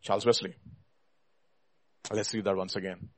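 A man preaching a sermon, reading scripture and hymn verses with rising, swelling emphasis and dropping to quiet asides to his listeners. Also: low-pitched, level tone, moderate pace. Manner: addresses listeners as "my dear brothers".

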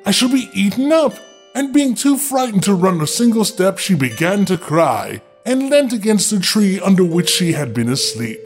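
A man's voice: high-pitched, very animated, normal speed, few pauses, faint music behind. A man reading a fairy tale aloud as host, breaking in with sarcastic comic asides. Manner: sarcastic, joking interruptions. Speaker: storyteller host.

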